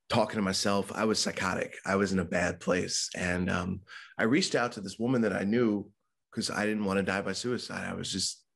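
A man with a gravelly, husky voice sitting low in his range, talking openly in a podcast interview. He speaks in a candid, conversational way and sometimes slips into quoted voices as he tells his story. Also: a bit bright. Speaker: mental health speaker and author.

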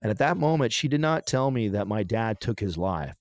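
Low-voiced man telling a personal story. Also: animated, no room sound. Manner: halting, restarts often, emotional. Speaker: podcast guest.

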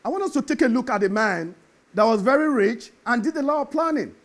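A man preaching a sermon, animated and building to emphatic shouts. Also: extremely high pitch, a little fast.

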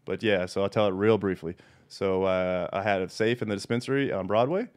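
A podcast host spins his stories at a quick clip in a somewhat low voice. He is blunt and swears freely, and he tells them in a loose, animated way. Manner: profane, blunt, animated storyteller. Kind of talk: casual storytelling.

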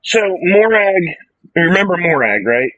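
A man's voice: high-pitched, sing-song, a little slow, bright, forceful tone, no echo, lo-fi sound. A man playing a tabletop game, telling what his character did in a rambling, joking way, often correcting himself. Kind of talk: casual actual-play chat.

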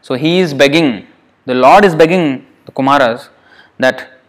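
A man's voice: mid-range voice, a little slow. A man reading a scripture passage aloud and then explaining it in a lecture, with emphatic rhetorical questions, chuckles and many "you know" fillers. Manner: frequent fillers and restarts, emphatic. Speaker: scripture teacher. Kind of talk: scripture reading with sermon commentary.

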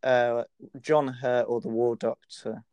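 Blunt young man, smooth dry voice. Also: medium pitch, level tone, darkish tone, no echo, dull audio. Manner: blunt, argumentative, quick to contradict. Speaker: podcast co-host. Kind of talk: casual chat.

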